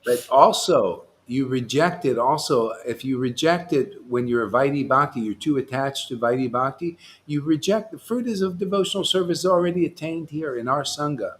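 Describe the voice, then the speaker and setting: A man leads an online devotional class with impassioned, casual teaching, swinging between loud urging and soft asides in an animated way. He speaks at medium pitch and normal speed, with few pauses.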